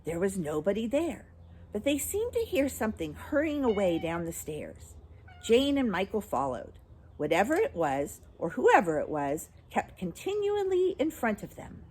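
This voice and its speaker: A woman reading a children's book aloud, in an expressive storytelling way. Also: mid-range voice, moderate pace, a little hiss or hum. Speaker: storybook reader.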